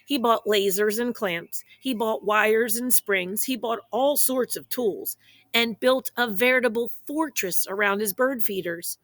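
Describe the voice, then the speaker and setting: A woman reading a children's picture book aloud in a playful, expressive way, speaking straight to young listeners. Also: fairly high pitch, measured pace, dry recording. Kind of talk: children's story read-aloud.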